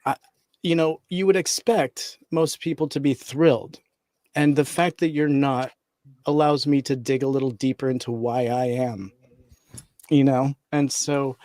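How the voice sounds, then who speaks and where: A man's voice: medium pitch, mellow, no echo, studio quality. A man in a casual radio conversation, easygoing and friendly, calling the host buddy. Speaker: guest or co-host. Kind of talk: casual chat.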